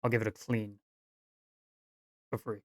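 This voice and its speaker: A man's voice: on the low side, flat delivery, a little slow, close to an everyday voice. A man voicing an elderly, scarred male dwarf blacksmith who speaks bluntly and in clipped phrases while he haggles. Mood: gruff.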